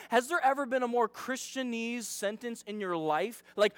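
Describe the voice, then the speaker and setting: Male youth pastor, casual sermon, high voice, dry close sound. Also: normal speed, few pauses, a bit bright, smooth, no echo. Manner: chatty, dramatizing, self-deprecating.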